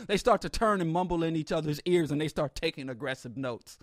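Man, humorous storytelling, animated, exaggerated asides, fairly high voice. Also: quick pace, hardly any pauses, no room sound, studio quality.

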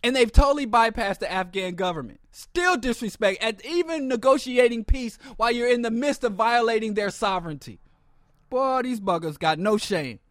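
A man with a notably high voice holds forth in a podcast monologue on politics. His delivery is blunt and sardonic, full of restarts and repeated words. The sound is dry, with no room ring. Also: animated, moderate pace, no room sound. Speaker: podcast host.

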